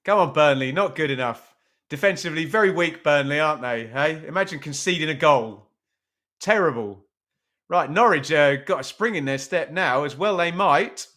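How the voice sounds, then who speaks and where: Hosting a live football watch-along, this man speaks at a moderate pace in a slightly high, bright voice. He keeps things chatty and self-deprecating, reading out the chat and responding to viewers.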